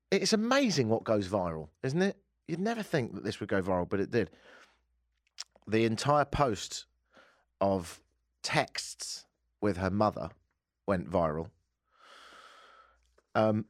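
A man's voice: lowish voice, big pitch swings, measured pace, pauses often, dry recording, clean studio sound. A man hosting a casual radio talk show, joking and slipping into silly voices for bits. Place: radio studio.

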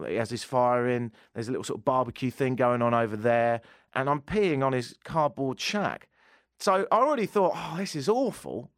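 A man's voice: medium pitch, no room sound, clean studio sound. An English man hosting a talk show, telling a casual, self-mocking anecdote. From England. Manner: chatty, self-mocking storyteller. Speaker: radio talk show host.

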